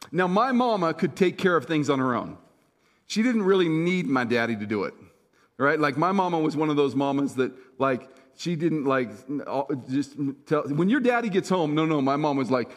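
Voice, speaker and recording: Middle-aged male pastor, somewhat high voice. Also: expressive. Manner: storytelling, swinging from loud punchy lines to soft, slow, hushed ones; conversational, with fillers and asides to the congregation. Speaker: senior pastor. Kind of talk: sermon.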